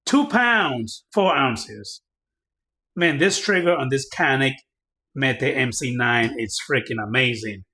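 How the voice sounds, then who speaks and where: A man giving a casual hands-on product demo, chatting straight to his viewers and getting excited over the results. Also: mid-range voice, unhurried. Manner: chatty, addresses viewers directly, excitable when reading results. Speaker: firearms reviewer.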